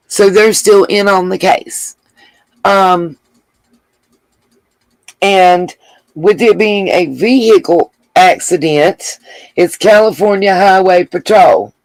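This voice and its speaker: This livestream host speaks in a mid-range voice at a slow pace with long pauses. The recording is low quality and dry, with no room sound, as she reads viewers' comments aloud and gushes endearments in thanks.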